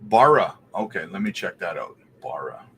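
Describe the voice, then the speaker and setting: This low-voiced Canadian man speaks at a moderate pace over slight background noise. On his laid-back crypto livestream, he reads viewer questions aloud and muses out loud while checking things.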